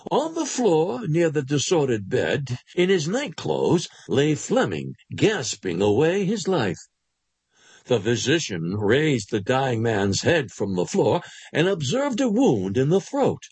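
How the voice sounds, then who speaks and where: A man narrating a literary short story aloud in an expressive storytelling manner. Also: on the high side, slow, husky, dry recording.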